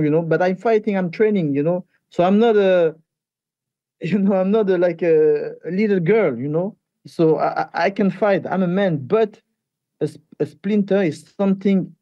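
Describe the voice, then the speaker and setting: A male fighter speaks English, mellow and soft-edged in tone, pitched a touch high for a man. He talks haltingly, repeating words and restarting. The sound is dry and slightly dull. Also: no echo. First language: French. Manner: halting, repeats words, animated when retelling. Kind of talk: interview answers.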